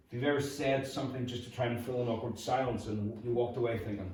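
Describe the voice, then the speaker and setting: A man's voice: medium pitch, steady tone, fast talker, few pauses, a little mellow, slight background noise. A man with a Northern Irish accent preaching a humorous, conversational sermon as pastor. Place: church hall. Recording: echoey hall from far off.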